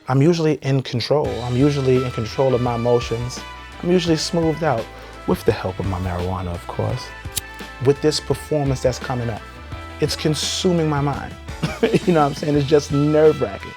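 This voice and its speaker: A young man doing stand-up, telling brash, profane stories and shouting his punchlines, then talking calmly in an interview. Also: mid-range voice, a little fast, over music. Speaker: stand-up comedian. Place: comedy stage before a live audience.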